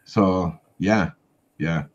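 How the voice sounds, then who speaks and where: A Scottish man chatting casually as a podcast co-host, telling animated, sweary stories. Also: sits low, very slow. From Scotland. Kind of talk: casual chat. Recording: slightly muffled lo-fi audio.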